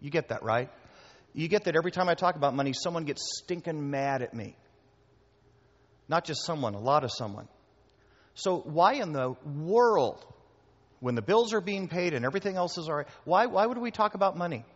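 A man's voice: on the high side, animated, moderate pace. A man preaching a sermon to his congregation, conversational and talking straight to the room, often repeating words as he goes. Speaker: pastor. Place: church hall before a congregation. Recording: echoey hall, dull lo-fi sound.

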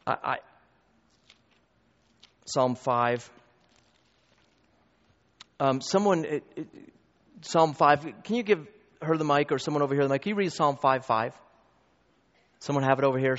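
A man preaching a sermon as pastor, emphatic and building to loud peaks, with quick asides to the congregation. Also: medium pitch. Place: church hall. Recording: long reverb, dull lo-fi.

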